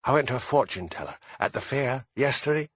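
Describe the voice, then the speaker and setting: A man's voice: mid-range voice, animated, fairly quick, breathy edge, no echo. A man voicing an eager, earnest young female police constable in an audiobook.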